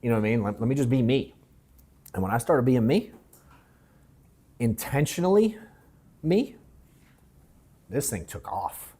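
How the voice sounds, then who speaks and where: This is a man teaching a live sales workshop in a loose, joking way. He acts out his own thoughts mid-story, swears freely and calls people bro and dude. His pitch rises and falls a lot as he talks. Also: lively intonation, measured pace, pauses often, mellow, husky. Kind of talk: casual, joking workshop talk. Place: workshop room with an audience.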